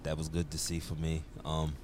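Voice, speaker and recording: A man co-hosting a casual sports podcast, joking and animated, rising high when worked up. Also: a little fast, slight background noise. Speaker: podcast co-host.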